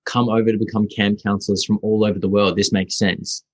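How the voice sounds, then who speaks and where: A young Australian man, a guest actor, chatting casually in an interview, halting and restarting often. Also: on the low side, steady tone, no room sound, low-quality recording. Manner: halting, full of restarts and fillers.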